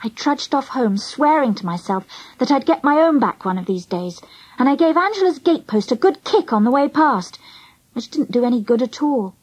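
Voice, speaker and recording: Breathy, lively woman storyteller. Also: high-pitched, moderate pace, low-quality recording. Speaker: audiobook narrator. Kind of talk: first-person children's storybook narration.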